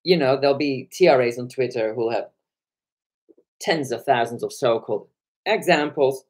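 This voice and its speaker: A hoarse man talking on a live stream, retelling an encounter with animated, indignant energy. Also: mid-range voice, normal speed. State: hoarse from shouting. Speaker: online commentator.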